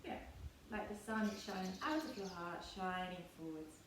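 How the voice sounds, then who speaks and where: A woman in her thirties teaching yoga to children, giving gentle, playful, encouraging instructions. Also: medium pitch, animated, normal speed. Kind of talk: guiding a kids' yoga class. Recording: echoey room, distant mic, faint noise.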